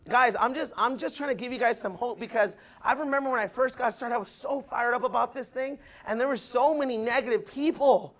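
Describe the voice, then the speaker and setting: A young man from Southern California gives an excited motivational talk to a meeting room, telling stories and keeping checking in with the crowd. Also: extremely high pitch. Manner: excited, storytelling, keeps asking the room "right, guys?". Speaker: motivational speaker at a recruiting meeting.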